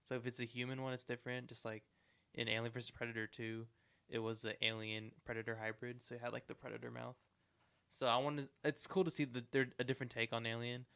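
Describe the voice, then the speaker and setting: A young man chats loosely as a podcast co-host, wandering through his points with plenty of fillers. His voice is smooth and clear, and it sits at an ordinary pitch for a man. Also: little pitch movement, fast, fairly bright tone. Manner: rambling, lots of "like" fillers. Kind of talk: casual chat.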